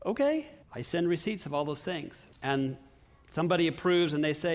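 Middle-aged man, pastor, sermon in a church, high-pitched voice, earnest storytelling. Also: animated, moderate pace.

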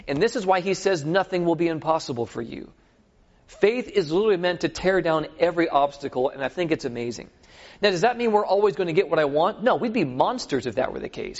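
A man preaching with a lively, swinging delivery that rises and falls as he retells scripture scenes. His voice sits a bit higher than most men's, and he keeps checking that his listeners follow. The recording is dull and lo-fi. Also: a little fast. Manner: animated storytelling, acts out scripture scenes; asks the audience for agreement. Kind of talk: sermon.

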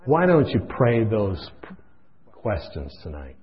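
A man preaching a sermon, impassioned, swinging from hushed storytelling to loud pleading, in a dull lo-fi recording. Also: lowish voice, huge pitch swings, unhurried.

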